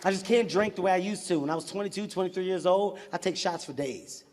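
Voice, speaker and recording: A man in his forties doing stand-up, telling a story in an animated, exasperated way with profane outbursts. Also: sits high, fast talker, in a large hall, slight background noise. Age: 40s. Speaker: stand-up comedian.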